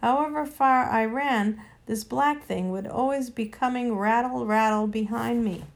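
A woman reading a storybook aloud and voicing an old male cart horse who speaks slowly and thoughtfully. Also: a little high, gravelly, pitched above the performer's own voice. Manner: slow, thoughtful.

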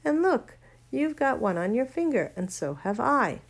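Female reader playing a keen young boy in a storybook, raised and lively. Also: high-pitched, unhurried, vocal fry, pitched above the performer's own voice, exaggerated voice. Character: curious, eager young boy.

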